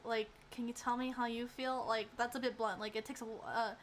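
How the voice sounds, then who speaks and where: A woman streamer reading a visual novel aloud and reacting excitedly between calm narration. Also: fairly high pitch, brisk, a little hiss or hum.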